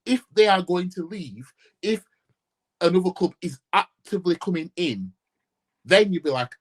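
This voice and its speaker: Husky yorkshire guy ranting about football, swearing a lot, voice jumping all over. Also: sits high, lively intonation, normal speed. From Yorkshire, England. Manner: blunt, profane, repetitive ranting with rhetorical questions. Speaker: football fan vlogger. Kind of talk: ranting casual vlog.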